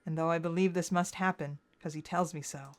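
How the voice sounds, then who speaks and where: A woman's voice: fairly low pitch, steady tone, brisk. A woman playing a visual novel, reading its narration aloud and reacting emotionally with outbursts. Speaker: game streamer.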